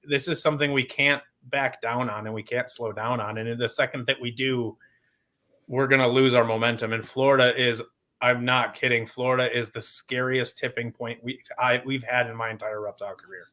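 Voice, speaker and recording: A man's voice: mid-range voice, steady tone, brisk, sharp tone. A man on a podcast as a guest, talking in an impassioned, rambling and sarcastic way. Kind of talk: casual podcast chat.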